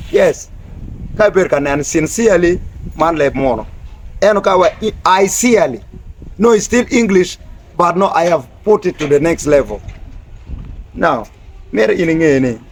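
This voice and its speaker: A man giving a spoken lesson on word meanings, mixing English with another language and spelling words out slowly. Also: high-pitched. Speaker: teacher of Rasta language.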